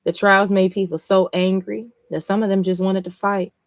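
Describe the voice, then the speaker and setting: A woman's voice: medium pitch, flat delivery, moderate pace, no room sound, clean studio sound. A woman streaming live as she reads comics aloud and reacts, emotional and blunt, swearing freely between passages.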